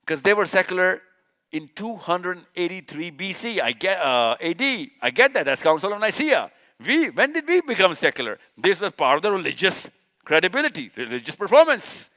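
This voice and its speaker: A man's voice: high-pitched, sing-song, normal speed, pushed and bright. A man giving a live lecture in an event hall. He is emphatic, repeats key words and asks rhetorical questions that he answers himself. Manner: uses a clicker with slides. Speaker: speaker.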